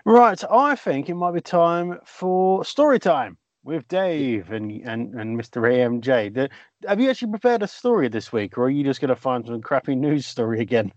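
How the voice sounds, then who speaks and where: A man's voice: medium pitch, big pitch swings, normal speed, no room sound, soft background music. A man hosting a podcast, teasing his co-hosts and steering the casual chat. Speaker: podcast host. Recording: dry dull lo-fi audio.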